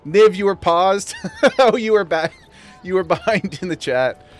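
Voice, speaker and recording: A man's voice: high-pitched, measured pace, faint music behind. Playful man chatting on a game stream. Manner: playful, laughs often, talks straight to chat. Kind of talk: casual live-stream chat while gaming.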